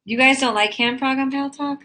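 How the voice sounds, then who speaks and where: A woman's voice: high-pitched, fairly even intonation, fairly quick, sharp tone. A woman hosting a live webcam chat room, reading out viewer comments in a chatty, flirty, easily flustered way. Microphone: phone or webcam mic.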